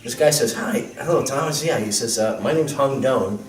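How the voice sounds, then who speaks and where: A man's voice: medium pitch, normal speed. Man telling a story, roomy and distant. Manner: animated, laughing, quotes voices. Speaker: guest telling his story. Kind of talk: casual storytelling. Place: temple hall. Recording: roomy sound from a distance, music.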